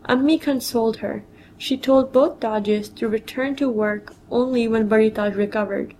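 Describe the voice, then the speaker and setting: Lady reading a childhood memoir, slightly high voice, plain and even storytelling. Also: normal speed, a little hiss or hum, low-quality recording. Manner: plain storytelling, quoting others in a near-normal voice. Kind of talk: reading a personal story aloud.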